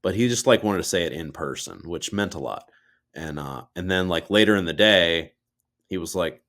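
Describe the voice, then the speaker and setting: A man's voice: sits low, animated, moderate pace, a bit bright. A man co-hosting a podcast, telling personal stories in a loose, heartfelt way and swearing freely. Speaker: podcast co-host. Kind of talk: casual chat.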